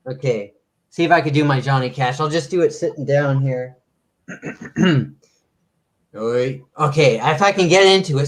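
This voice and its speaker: A man guesting on a livestream, chatting casually in a halting way. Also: mid-range voice. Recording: roomy, away from the mic.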